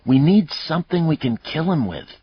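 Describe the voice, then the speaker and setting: A man's voice: fairly high pitch, sing-song, normal speed, husky, lo-fi sound, voice pushed up, exaggerated voice. A man voicing a weak, frightened captive mother who whimpers and speaks frailly. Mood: desperate.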